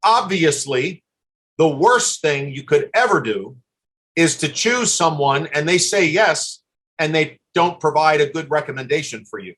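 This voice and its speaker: Older guy from the us, kinda high voice, earnest webinar advice, lots of restarts. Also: expressive, measured pace, a bit bright. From USA. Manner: earnest advice with frequent restarts and repeated words. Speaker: admissions consultant giving a webinar. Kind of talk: live webinar talk.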